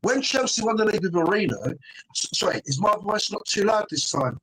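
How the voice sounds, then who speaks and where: A man's voice: high voice, very animated, a little fast, bright, forceful tone, a little hiss or hum. A middle-aged man, a guest on a fan panel, arguing emphatically in casual chat, forever tossing in "mate" and "right?". He is joining over a phone call.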